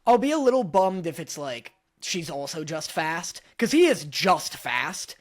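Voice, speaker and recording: High-voiced playful podcast co-host man. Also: big pitch swings, unhurried. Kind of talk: casual podcast chat.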